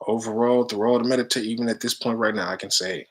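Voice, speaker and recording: A spiritual chant leader talks fast to his viewers in a casual, preachy way, packing his spiritual talk with slang and frequent laughter. His voice is mid-range with fairly even intonation.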